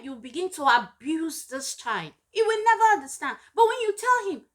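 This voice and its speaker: A high-pitched woman talks earnestly about raising children. She is emphatic and repeats each point to drive it home, like a parent lecturing other parents. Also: big pitch swings, normal speed, hardly any pauses, fairly bright tone. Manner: acts out scolding parents in raised voices. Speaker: parenting advice vlogger. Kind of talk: direct-to-camera advice talk.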